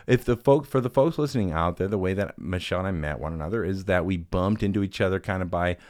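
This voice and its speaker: Low-voiced male podcast host, casual and earnest, dry small room. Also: fast talker, darkish tone, no room sound. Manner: chatty, earnest, self-deprecating. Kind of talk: casual chat.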